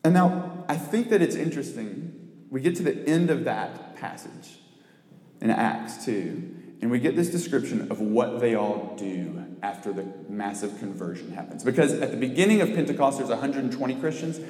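A man's voice: mid-range voice, lively intonation, moderate pace, a little mellow. A young man, a campus minister, giving a sermon in a casual, self-mocking storytelling way, full of "like". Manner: chatty, self-mocking, lots of "like". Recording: echoey hall, long reverb.

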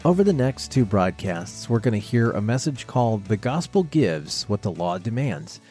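A man's voice: fairly low pitch, very animated, normal speed. A man reading a scripted introduction for a radio sermon program. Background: soft music bed.

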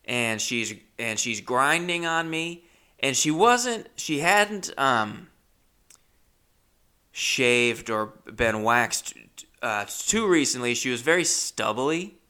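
A man's voice: medium pitch, lively intonation, slow pace, bright, forceful tone, clear, resonant tone. A man telling a rambling, awkward, self-deprecating comic story with many restarts. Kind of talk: stand-up storytelling.

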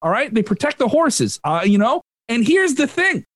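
A man argues a comic case with rambling, emphatic energy. His pitch swings widely as he pushes each point. The sound is dry and close. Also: sing-song, normal speed, a bit bright, dry recording. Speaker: comedy panelist. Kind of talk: comedic debate argument.

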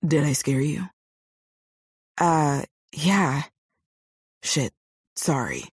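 A woman voicing a young man, a tender and eager lover, with a husky, hushed voice in an audiobook. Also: sits low, animated, drawn-out words, no echo, studio quality, full character voice. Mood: apologetic. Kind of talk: audiobook character voice.

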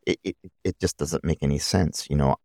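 A man's voice: rumbling low, fairly even intonation, brisk, warm tone, dry recording, studio quality. A middle-aged man hosting a solo podcast, giving opinions in a rambling way with many restarts. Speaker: podcast host.

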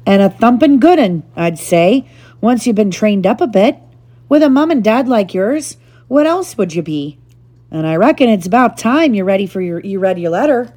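A woman reading a storybook aloud, voicing a huge, hot-tempered but bighearted man who booms and exclaims, in a raised voice. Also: animated, moderate pace, dark tone, lightly acted. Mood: indignant. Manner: booming and exclaiming.

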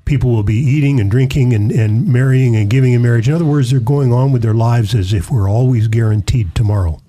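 Mellow, husky-voiced man preaching gently. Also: mid-range voice. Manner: earnest, slows down to stress key phrases. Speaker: pastor. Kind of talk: casual theological discussion.

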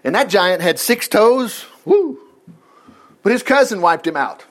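A middle-aged man preaching, animated and chatty, acting out Bible characters in voices. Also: high-pitched, measured pace. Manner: animated, acts out lines in character voices, chuckles. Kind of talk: sermon retelling a Bible story.

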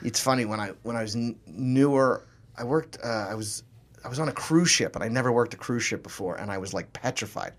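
Animated comedian telling stories in voices. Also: male voice, mid-range voice, brisk. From New Orleans, US. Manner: animated storyteller who slips into voices and accents. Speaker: comedian guest. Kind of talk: casual interview chat.

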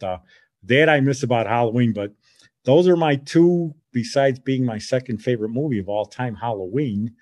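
A middle-aged man with a Chicago accent, telling a childhood story in a lively, casual way and acting out the voices of the people in it. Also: on the low side. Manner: animated, acts out voices in his story. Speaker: podcast host.

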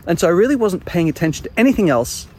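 A young man telling his own embarrassing stories in a casual, animated way, chuckling along as he goes. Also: high voice, racing, a little hiss or hum. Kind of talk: casual storytelling monologue.

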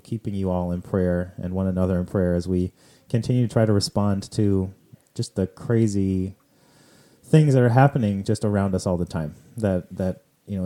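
With a low, warm voice, a man from California hosts a church podcast. He chats casually about church readings in a loose, filler-heavy conversational manner.

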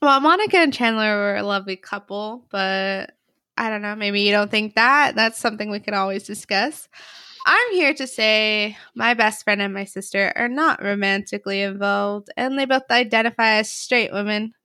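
A woman's voice: mid-range voice, normal speed, pushed and bright, clean tone, no echo. This young woman hosts a casual podcast in an upbeat, joking way, tossing in "like" as she goes. Her voice sits in a middle register and sounds dry and close to the mic. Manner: upbeat, joking, chatty with frequent "like". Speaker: podcast host.

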